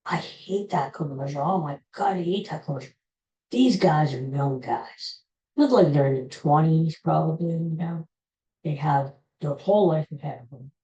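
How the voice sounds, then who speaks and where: A woman's voice: sits low, moderate pace, mellow, lo-fi sound. A woman hosting a solo podcast, ranting in a grumbling, indignant way. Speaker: podcast host. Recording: roomy echo.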